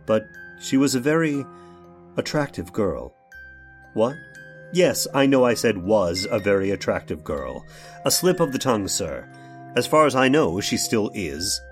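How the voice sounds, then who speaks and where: A man's voice: lowish voice, big pitch swings, measured pace, soft background music. An actor playing a fussy, genteel workshop owner who narrates his own story in an old-fashioned, prim way, in a radio drama. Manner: prim, old-fashioned, addresses listener directly.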